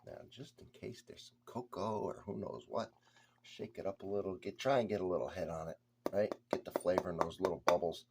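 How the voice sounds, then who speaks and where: A man's voice: low-pitched, steady tone, fairly quick, heavy background noise. A man reviewing a beer for his vlog, chatty and blunt, talking straight to the viewer.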